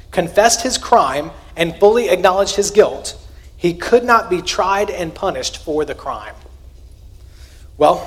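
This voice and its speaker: A man, preaching a sermon. He talks to his congregation in a conversational, earnest way, with a slightly high voice that jumps up for emphasis and drops for quiet asides. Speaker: pastor.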